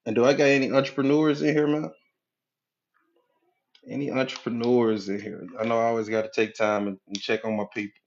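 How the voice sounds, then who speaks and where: A man coaching on a live stream, greeting viewers by name, repeating his points and pitching his community in a casual way. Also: level tone, fairly quick, muffled recording.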